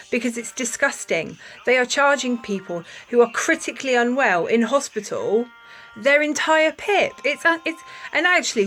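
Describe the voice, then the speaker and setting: A woman's voice: a little high, fairly bright tone, rough recording. A woman talking to camera in a casual vlog, emphatic and indignant with apologetic asides. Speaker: vlogger.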